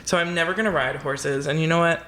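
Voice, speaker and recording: Animated woman storyteller, roomy sound. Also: low voice, fast. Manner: expressive, acts out quotes, swears casually. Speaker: podcast co-host. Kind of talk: casual chat, animated storytelling. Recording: roomy echo.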